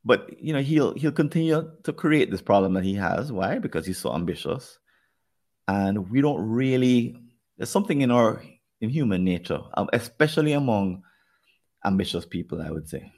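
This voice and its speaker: A man's voice: on the low side, lively intonation, a little mellow. A man with a Jamaican accent, talking things through thoughtfully on a podcast, often restarting his sentences. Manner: thoughtful, speaks in halting restarts. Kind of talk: podcast conversation.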